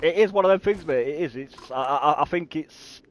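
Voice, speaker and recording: A man's voice: on the high side, normal speed, a little hiss or hum. A man in his thirties telling stories on a game stream, stumbling over repeated words and swearing casually. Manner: rambling storyteller who stammers and repeats words; swears freely and laughs at his own stories. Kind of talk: casual chat while gaming.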